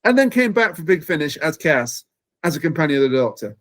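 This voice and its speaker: A man's voice: on the high side, big pitch swings, a little fast, fairly bright tone. A man hosting a podcast, eagerly recapping a plot in casual chat. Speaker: podcast host.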